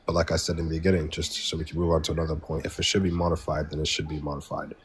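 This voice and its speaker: A man's voice: a bass voice, flat delivery, rapid-fire, a little hiss or hum, low-quality recording. A man from England with an English accent, arguing as a debate guest, hesitant, with many repeated words and restarts. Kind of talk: heated online debate.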